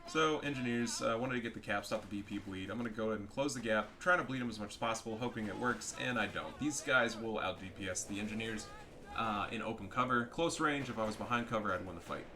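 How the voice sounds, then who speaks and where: A man giving casual, profane commentary over a strategy game, getting loud and excited at big plays. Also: on the low side, quick pace. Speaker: gaming commentator.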